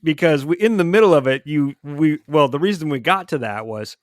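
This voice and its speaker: A man co-hosting a podcast in casual chat, reminiscing, laughing often and acting out quotes loudly. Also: a little high, expressive, brisk, dry recording, clean studio sound. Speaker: podcast co-host.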